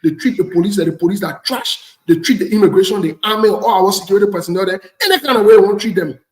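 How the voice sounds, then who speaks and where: A Liberian man hosts a casual talk show in a bold, blunt manner. His voice sits high for a man, and he drives each point home by repeating it. The recording sounds roomy, with a clear echo. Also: fast talker. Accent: Liberian English. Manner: blunt, preachy, repeats phrases for emphasis. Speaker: host.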